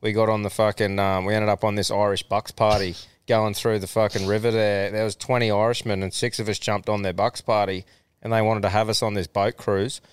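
A man's voice: on the low side, flat delivery, brisk, a little hiss or hum. A man with an Australian accent hosting a podcast, chatting casually, laughing often and swearing freely. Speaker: podcast host. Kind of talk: casual chat.

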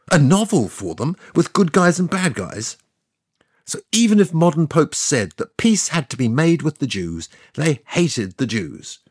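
An actor playing God as a sardonic narrator, telling the story in a scripted comic style with offhand asides. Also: male voice, mid-range voice, darkish tone, husky, dry recording, studio quality. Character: God as a sardonic, boastful narrator, ageless man.

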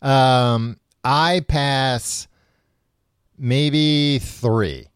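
A man co-hosting a comedy podcast, laid-back and quick to laugh. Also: mid-range voice, clear, resonant tone, dry recording, studio quality. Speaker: podcast co-host. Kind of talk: casual comedic chat.

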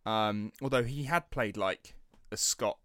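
A man's voice: fairly low pitch, unhurried, a bit bright, no echo, clean studio sound. Chatty man hosting a podcast. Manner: chatty, tangent-prone, laughs easily. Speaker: podcast host. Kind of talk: casual podcast chat and scripted storytelling.

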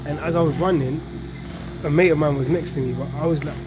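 A young man from East London with a local accent, quietly telling a personal story in a reflective way, often trailing off at the ends of his lines. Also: fairly high pitch, fairly even intonation, fast, music in the background. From Hackney, East London. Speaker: interviewee.

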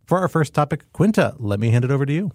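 A man's voice: a little high, very animated, fast, a little mellow, dry recording. A man hosting a podcast in a studio, introducing topics with playful wordplay and frequent laughs. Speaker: podcast host.

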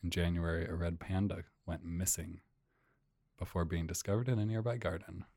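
Deep-voiced man reading the news casually. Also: fairly even intonation, moderate pace, darkish tone, no echo, clean studio sound. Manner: amused, rambling, reads out news stories. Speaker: podcast co-host. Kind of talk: casual chat.

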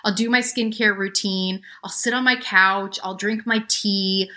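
A woman's voice: mid-range voice, fairly even intonation, unhurried, bright, forceful tone. A woman in her thirties chatting casually as a podcast guest, rambling with many restarts. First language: English. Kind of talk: casual chat.

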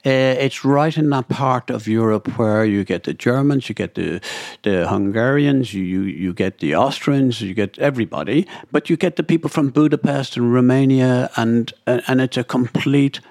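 A man's voice: mid-range voice, normal speed, creaky, darkish tone, dry recording, studio quality. An older man from Dublin with an Irish accent, co-hosting a podcast in casual chat, telling rambling, playful stories with many restarts. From Ireland (Dublin). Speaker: podcast co-host.

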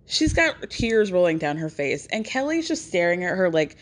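A woman hosting a podcast, recounting events in casual, wry storytelling. She talks in a conversational way and slips into quick impressions of the people she describes. Her voice sits in a middle range. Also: mid-range voice, big pitch swings. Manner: chatty, wry, acts out quotes in quick impressions. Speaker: podcast host recapping a reality show.

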